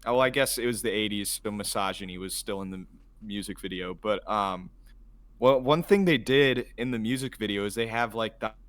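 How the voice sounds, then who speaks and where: A man's voice: lowish voice, normal speed, fairly bright tone, no room sound. A young man co-hosting a podcast in casual chat, swearing freely and laughing often. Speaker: podcast co-host.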